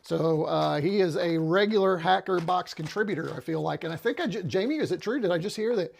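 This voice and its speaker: A man's voice: high-pitched, brisk, gravelly. A man hosting a casual livestream on a lapel mic, rambling and chatty, slightly out of breath. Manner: chatty, rambling, with frequent "uh" and restarts. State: a little out of breath. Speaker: livestream host.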